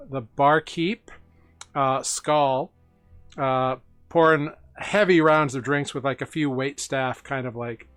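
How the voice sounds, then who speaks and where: A man's voice: mid-range voice, fairly bright tone, smooth. A man narrating as game master for a tabletop game, rambling with many fillers.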